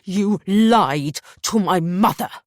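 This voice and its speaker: A woman's voice: extremely low pitch, measured pace, dark tone, no room sound, clean studio sound, exaggerated voice. A woman voicing a furious accusing husband. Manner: accusing, raising his voice. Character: angry controlling young husband.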